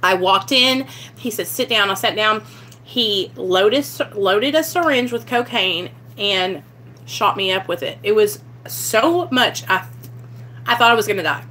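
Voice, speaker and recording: A woman's voice: mid-range voice, expressive, a little slow, bright, forceful tone, slight background noise. A young woman telling a raw personal story to her camera, blunt and candid, swearing freely. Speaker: vlogger sharing her recovery story.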